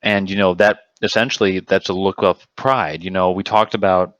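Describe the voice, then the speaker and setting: A man in a casual group Bible study discussion who gets excited and emphatic, repeating words as he talks. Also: deep voice, moderate pace, no echo, dull audio.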